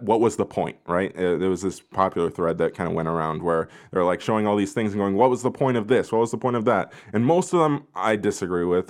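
A man hosting a casual discussion, rambling with lots of fillers and restarts while he moderates. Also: low-pitched. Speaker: podcast host.

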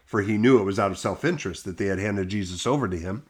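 A man reading Bible passages aloud in a steady, measured way, lightly voicing the quoted lines. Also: lowish voice. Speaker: scripture reader.

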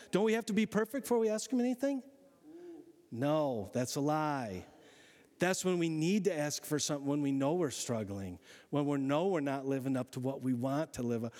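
A man preaching a sermon as a pastor, conversational and animated, asking the listeners rhetorical questions as he reads and explains scripture. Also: on the high side, in a large hall.

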